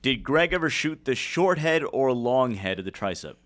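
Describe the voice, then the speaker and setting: A man's voice: medium pitch, animated, normal speed, a bit bright. A man co-hosting a talk show, reading out viewer questions in a plain, matter-of-fact way.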